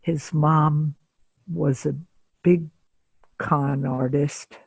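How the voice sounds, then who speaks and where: Woman, 70s, psychotherapist, unhurried, husky, gravelly. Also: low-pitched, fairly even intonation, a little mellow, no echo. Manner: slow, deliberate storyteller with frequent pauses. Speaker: psychotherapist guest. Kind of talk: interview storytelling.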